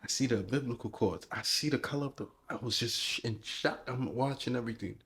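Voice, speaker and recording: A young man co-hosting a podcast, telling a story in casual chat, animated and excited, with lots of restarts. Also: mid-range voice, brisk, breathy edge. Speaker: podcast co-host.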